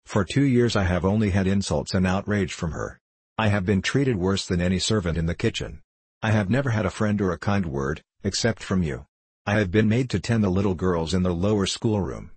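A man's voice: deep voice, slightly rough, no echo. A man voicing a defiant, bitter young woman in a storybook reading, spiteful and mocking.

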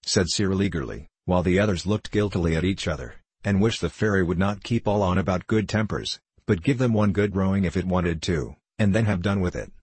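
Man, audiobook narrator, storybook reading, measured, very low voice, husky. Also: darkish tone, no room sound.

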